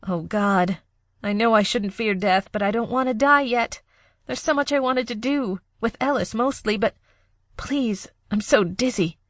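A young woman drifts toward sleep as poison gas fills her cell, her lines breathless and pleading, as a woman narrator puts her on. The voice sits a touch higher than the narration. The recording is dry and close. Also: measured pace, dry recording, lightly acted. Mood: despairing, drowsy.

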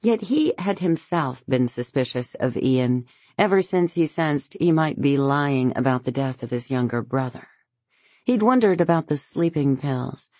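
A woman narrating an audiobook in a measured, even reading. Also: a bass voice, no room sound. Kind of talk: scripted narration.

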